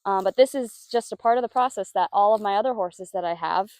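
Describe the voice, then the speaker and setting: A woman horse trainer talking casually as she works outdoors with a horse, praising it softly. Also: mid-range voice, fast talker, dry recording, studio quality. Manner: soft, coaxing praise to the horse.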